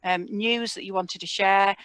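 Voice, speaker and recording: A woman, a community support coordinator, gives an informal, chatty introduction to a video meeting and pauses often to think. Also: medium pitch, steady tone, a bit bright, smooth, no echo. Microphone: computer mic on a video call.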